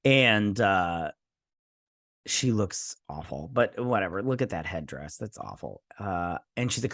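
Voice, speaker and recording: A man's voice: low-pitched, lively intonation, measured pace, fairly bright tone, dry recording, studio quality. A man hosting a casual episode review, rambling and sarcastic, with many fillers and restarts. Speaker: show host reviewing a TV episode.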